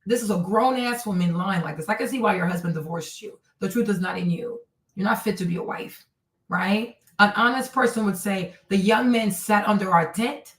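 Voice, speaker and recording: A woman hosting a live stream, reacting to video clips in an animated, mocking way and tossing in Spanish words. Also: medium pitch, brisk. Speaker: streamer host. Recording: roomy, distant from mic.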